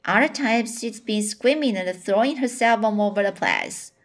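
A woman's voice: medium pitch, lively intonation, moderate pace, lightly acted. A woman voicing a country man who delivers news solemnly with dry humor.

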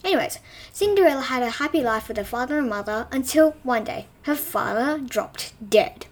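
A young woman tells her own reimagined fairy tale in a playful, chatty way. Her voice sits a little high, and she often trips over a word and corrects herself before carrying on. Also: expressive, normal speed. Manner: playful, with frequent self-corrections. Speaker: storyteller. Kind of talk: reading a self-written story aloud.

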